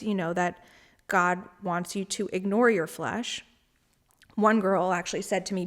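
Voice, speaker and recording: A woman hosting a solo spiritual podcast, talking in a candid, rambling way with frequent laughs and casual swearing. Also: mid-range voice. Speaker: podcast host.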